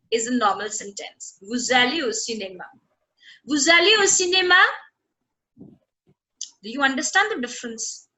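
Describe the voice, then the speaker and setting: A woman's voice: high-pitched, pushed and bright, low-quality recording. A woman teaching French in an online lesson. She repeats her example sentences and often checks that her students are following.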